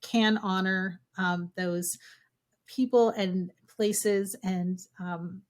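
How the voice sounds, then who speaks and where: A woman's voice: mid-range voice, steady tone, drawn-out words. Enthusiastic Minnesotan woman hosting. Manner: warm, enthusiastic, rambling. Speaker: podcast host. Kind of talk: podcast interview.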